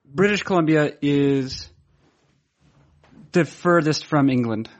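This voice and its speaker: A man's voice: on the high side, slow pace, muffled recording. A man hosting a podcast, chatting casually in a dry, mock-formal way. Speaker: podcast host. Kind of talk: casual podcast chat and read sponsor ad.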